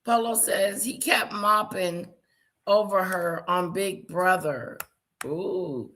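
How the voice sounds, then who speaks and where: A woman's voice: on the low side, slow, a bit bright. A woman casually commenting on a video she is watching, with gossipy, teasing asides.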